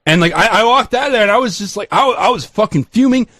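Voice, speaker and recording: A man holds forth on a casual podcast, telling a story in an emphatic, profanity-laced rant. His voice sits high and swings widely in pitch. The sound is dry and close, with no room around it. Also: fast, no echo. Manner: animated, profane, emphatic ranting. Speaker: podcast host.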